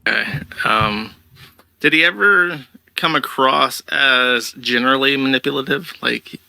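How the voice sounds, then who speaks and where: A man asking interview questions in a halting, tentative way. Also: medium pitch, vocal fry, sharp tone, no room sound, low-quality recording.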